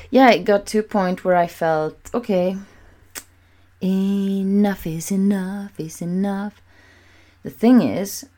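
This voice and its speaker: A woman's voice: sits low, darkish tone. A woman speaking candidly to camera in a personal vlog, talking with emphatic repetition. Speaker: vlogger.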